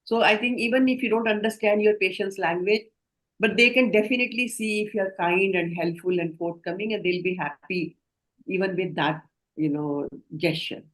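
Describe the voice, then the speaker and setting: An Indian woman trainer talks through a communication skills lecture, steady and explanatory. She often stops to put questions to her group. Her pitch sits in the middle of the usual range. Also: moderate pace, rough recording. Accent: Indian English.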